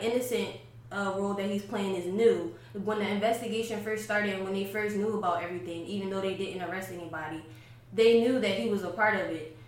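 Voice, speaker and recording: A woman's voice: medium pitch, distant mic. A woman in casual debate chat, talking conversationally and filling her speech with "like" and "um". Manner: conversational, uses many fillers like "like" and "um". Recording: echoey room, voice a bit off-mic, faint background noise.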